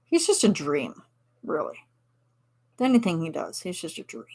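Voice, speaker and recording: A woman's voice: low-pitched, wildly swooping pitch, moderate pace, a little mellow, breathy edge. A woman from Canada chatting casually with her viewers on a stream, giggling and answering chat. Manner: chatty and giggly, reads chat replies aloud.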